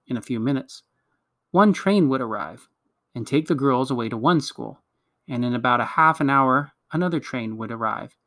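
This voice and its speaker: A man reading a children's novel aloud at a measured pace, with occasional slips he corrects. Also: mid-range voice, fairly bright tone, no room sound, studio quality. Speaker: reader.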